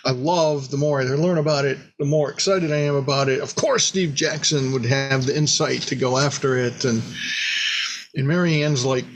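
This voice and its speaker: A man's voice: normal speed, noisy background. A man, a company founder, recounting his history in a casual, rambling anecdotal way, full of restarts and repeated words, and acting out quoted dialogue. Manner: animated, acts out quoted dialogue with big pitch jumps.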